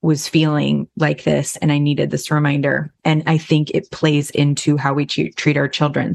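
A woman's voice: low-pitched, gravelly, dry recording. A woman hosting a podcast, giving frank, candid advice on addiction and parenting and swearing casually. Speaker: podcast host and addiction counselor.

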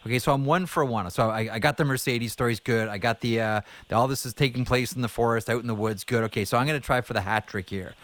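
A man hosting a podcast interview, asking questions with halting restarts. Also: mid-range voice, fairly bright tone, no echo. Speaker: podcast host. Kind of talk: conversational interview.

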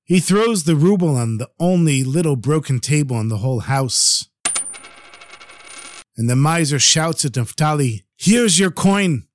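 A man narrating a Chassidic folk tale in a lively, conversational way. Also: a little high, normal speed. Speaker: storyteller.

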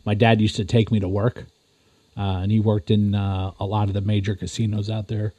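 Mellow low-voiced young dad. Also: male voice, a little fast, no echo. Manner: relaxed, hesitant, filler-heavy. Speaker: podcast co-host. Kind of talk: casual podcast chat.

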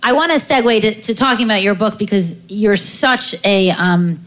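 A woman's voice: medium pitch, normal speed, fairly bright tone. Hesitant woman interviewer. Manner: hesitant, with many repeated words and ums. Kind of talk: interview questions.

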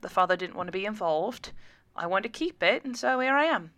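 A woman's voice: mid-range voice, lively intonation, fairly quick, a bit bright, lightly acted. A woman voicing a young pregnant woman who talks with a dry, sarcastic edge. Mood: wry. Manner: teasing, sarcastic delivery.

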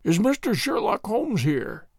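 A man voicing a stubborn, shuffling old sailor who talks in rough, petulant speech. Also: high-pitched, very animated, unhurried, darkish tone, no room sound, clean studio sound, voice pushed up, heavily acted. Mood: doddering.

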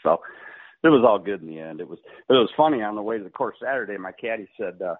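Middle-aged man, deep voice, husky, casual storytelling, narrow phone-like radio sound. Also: fast. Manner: animated, acts out quotes, laughs often. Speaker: pro golfer telling a story.

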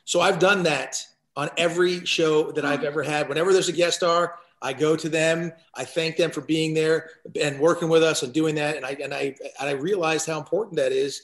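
A man guesting on a podcast, chatting and telling stories in an animated way, often restarting his sentences. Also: on the high side, fairly quick, echoey room. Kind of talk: casual chat, storytelling.

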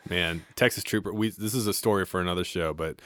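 A man's voice: low voice, fast talker, a bit bright. A man from a touring band retelling a road story in casual chat.

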